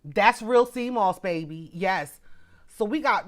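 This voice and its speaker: Animated woman chatting live with viewers. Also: medium pitch, measured pace. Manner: animated, talks straight to viewers, reads out comments. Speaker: livestream host. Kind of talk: casual livestream chat.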